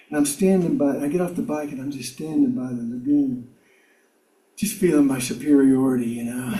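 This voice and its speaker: A guest speaker from South Carolina, an older man with a mellow voice on the high side, entertains a congregation with wry, self-deprecating personal stories full of chuckles and filler words. The recording, made in a roomy community meeting hall, catches him from far away.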